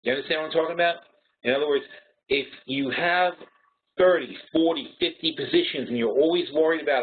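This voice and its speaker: A man's voice: fairly high pitch, quick pace, slightly rough. A man hosting a trading webinar, talking bluntly and working through numbers aloud with frequent restarts. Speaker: webinar host. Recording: tinny phone-like audio.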